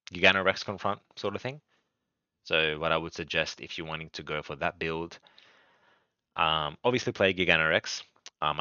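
Low-voiced man, rambling podcast host. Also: bright, forceful tone, no room sound. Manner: rambling, many ums and restarts. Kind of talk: casual card game strategy talk. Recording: dull lo-fi dry sound.

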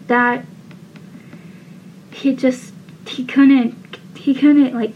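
A woman's voice: fairly high pitch, dark tone. A woman recapping a TV scene in a casual, emotional way, rambling with many fillers, in a dull, lo-fi recording with faint hiss. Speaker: TV show fan vlogger.

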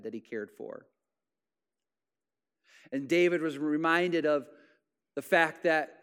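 A pastor delivering a sermon, his voice smooth and resonant and sitting a little high for a man. He preaches with fervor, building to loud, urgent peaks and then sinking to near-whispered tenderness. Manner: impassioned preaching, swinging from loud exclamation to hushed softness.

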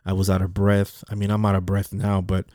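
Guy rambling casual, low mellow voice, keeps repeating himself, dry sound. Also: completely flat delivery, a little fast, no echo. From Mexican heritage. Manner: rambling, repeats words, restarts often. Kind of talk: casual personal monologue.

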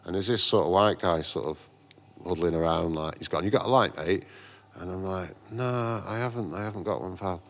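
A man's voice: low-pitched, brisk. A man in a casual interview, telling rambling anecdotes full of slang and restarts. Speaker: guest, graffiti artist and painter.

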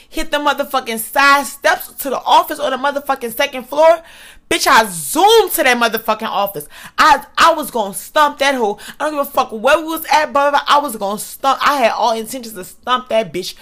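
A young woman telling a story in an animated, profane and loud manner. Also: high-pitched. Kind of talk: casual storytelling.

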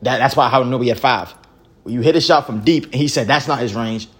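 Man, podcast co-host, rapid casual storytelling, profane slang, animated. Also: medium pitch. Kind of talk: casual chat.

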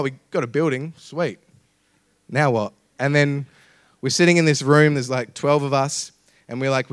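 Young aussie pastor guy telling a church story, jokey, gets loud at the big bits, dry close sound. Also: medium pitch, smooth, no room sound. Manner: lively, jokey, builds to loud emphatic peaks. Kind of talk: sermon storytelling.

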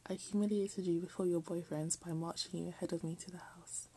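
A woman reading a text aloud in a soft, often half-whispered voice, breaking off for self-mocking jokes. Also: lowish voice, steady tone, a little fast, slight background noise, low-quality recording. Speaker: reader.

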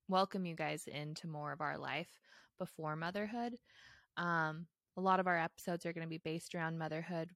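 A woman's voice: lowish voice, no echo, clean studio sound. A young woman co-hosting a podcast, chatting casually and reflectively with plenty of fillers and easy laughter. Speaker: podcast co-host. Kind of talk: casual chat.

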